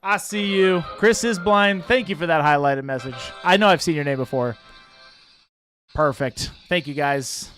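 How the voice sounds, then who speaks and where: A man hosting a casual livestream giveaway, calling out winners' names loudly and joking between them. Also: a little high, moderate pace, soft background music.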